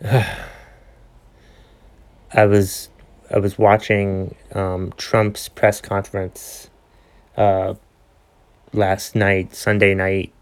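A man's voice: low-pitched, clear, resonant tone. Profane ranting male podcast host. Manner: rambling with restarts. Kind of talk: solo podcast rant.

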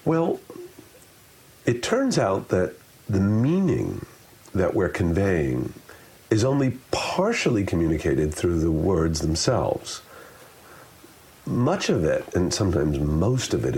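A man's voice: deep voice, takes it slowly. A man explaining public speaking as an interview guest, talking expressively and demonstrating different ways of saying things. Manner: expressive, demonstrates with shifting delivery.

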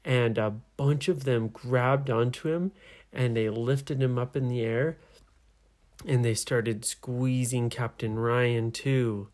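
A storyteller telling an improvised bedtime adventure, slowly and with gentle suspense. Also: medium pitch. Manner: slow, animated, gently suspenseful.

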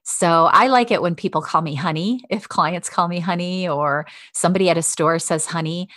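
A middle-aged woman and life coach who talks straight to the listener in a warm, encouraging way, as on a self-help podcast. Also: lowish voice, fairly quick, no room sound, studio quality.

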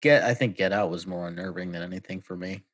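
A man's voice: sits low, fast. A man co-hosting a podcast, swearing freely, laughing often and telling stories about his family. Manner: profane, laughs often, tells anecdotes. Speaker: podcast co-host. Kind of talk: casual podcast banter.

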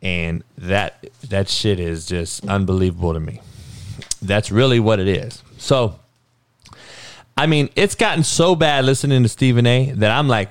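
A man's voice: fairly low pitch, a little slow, clean tone, dry recording. A man hosting his own podcast, ranting heatedly and profanely in a solo commentary. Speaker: podcast host.

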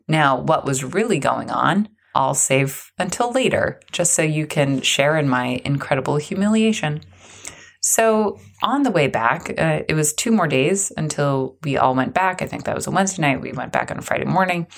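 A woman's voice: a bass voice, creaky. A middle-aged woman telling a personal work story to listeners, conversational and emphatic, mocking her own mistakes. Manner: conversational, emphatic, self-deprecating. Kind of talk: personal story told to an audience.

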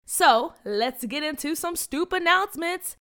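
Excited woman hosting a kids' story show. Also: sits high, moderate pace. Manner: excited, energetic. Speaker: children's story podcast host. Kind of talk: upbeat storytelling and announcements.

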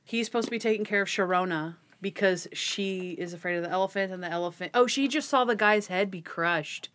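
Young woman, podcast co-host, casual chat, animated retelling, mid pitch. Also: brisk, dry recording. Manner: animated retelling, acts out scenes, laughs a lot. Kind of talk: casual chat recapping a TV episode.

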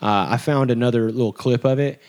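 In casual podcast chat, a young male co-host talks animatedly and mimics the people he quotes, his medium-pitched voice moving at a brisk pace.

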